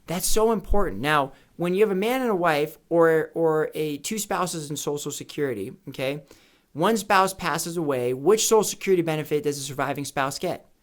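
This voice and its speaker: A man explains retirement planning to camera at a moderate pace, his voice a little high. He's emphatic, circling back to key questions and using anecdotes as illustration. It's an office or home studio recording made with a camera mic and studio lights.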